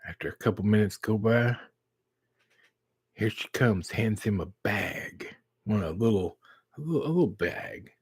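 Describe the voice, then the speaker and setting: Slow, husky middle-aged man telling a story. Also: fairly low pitch, lively intonation, a little mellow, dry recording. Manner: slow, drawn-out storyteller who acts out quoted dialogue. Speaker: live stream host. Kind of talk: casual anecdote storytelling.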